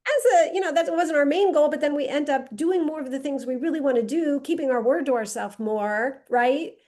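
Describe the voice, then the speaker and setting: High-voiced, effusive woman host. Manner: warm and effusive, with halting restarts. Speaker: podcast host. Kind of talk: conversational interview.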